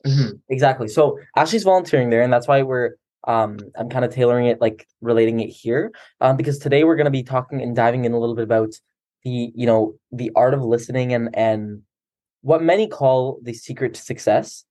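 A podcast co-host with a warm, medium-pitched voice chats casually at a slightly fast pace. Loose and talkative, he goes on at length and laughs at himself.

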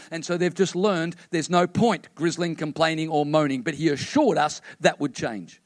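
A man, a pastor giving a sermon with personal stories, talking conversationally and turning hushed toward the close. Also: on the high side, normal speed, few pauses, no room sound.

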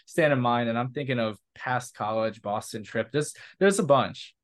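A man's voice: mid-range voice, normal speed. Upbeat young man swapping stories. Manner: upbeat and animated storyteller, often laughing and joking. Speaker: podcast co-host. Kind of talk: casual chat.

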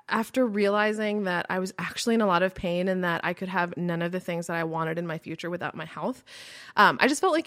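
A woman's voice: lowish voice, a bit bright, no echo, studio quality. Chatty woman telling a personal story. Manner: chatty, lots of "like" and "um" fillers. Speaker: podcast host; entrepreneur. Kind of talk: casual storytelling monologue.

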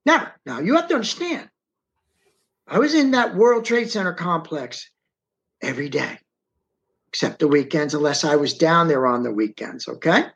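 A man's voice: fairly high pitch, sing-song, moderate pace, pauses often, fairly bright tone. A middle-aged man, an interview guest, telling a first-person story in a rambling, repetitive way and often slipping into the present tense. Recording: dull, muffled audio.

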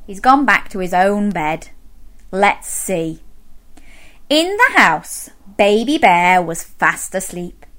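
Slow, animated woman reading to kids. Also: mid-range voice. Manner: playful, encouraging, invites joining in. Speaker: children's storyteller. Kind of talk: children's story reading.

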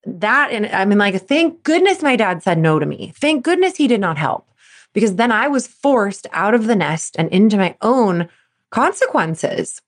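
A woman's voice: mid-range voice, very animated, moderate pace. A woman in her thirties hosting a solo podcast, talking candidly to sports parents and acting out her younger self in quotes. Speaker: podcast host, performance coach.

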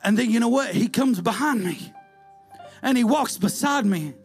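High-voiced shouting preacher man. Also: animated, normal speed, husky, soft background music. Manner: call-and-response, repetitive, bursts into shouts and sung lines. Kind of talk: sermon.

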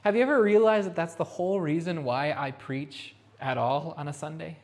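A woman pastor delivering a Sunday sermon in a rehearsal hall, repeating phrases and slowing down to stress key lines. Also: deep voice, a little mellow. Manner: emphatic repetition, slowing for stress.

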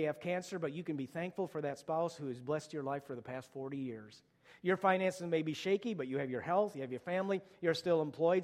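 Middle-aged man, pastor, sermon, slightly high voice, storytelling then urgent, long church reverb. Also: a little mellow. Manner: conversational storytelling, rising to urgent exhortation.

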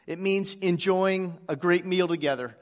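A man, one of the church's pastors, preaching a sermon to his congregation in a relaxed storytelling way, with frequent "uh" fillers. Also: high voice, measured pace, big-room sound. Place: church sanctuary.

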